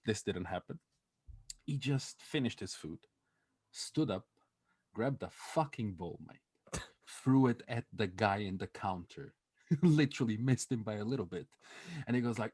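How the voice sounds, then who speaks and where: A husky young man with a fairly low voice and a lively, swinging delivery. He tells a story on a podcast, swears freely, laughs often and acts out what other people said. The recording is dry and close. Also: unhurried, no echo. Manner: swearing, animated, laughing often, acting out quotes. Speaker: podcast co-host. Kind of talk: casual comedic storytelling.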